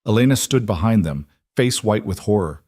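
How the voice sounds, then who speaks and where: A man narrating a scripted thriller story in an even, dramatic way. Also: fairly low pitch, normal speed, no room sound, clean studio sound.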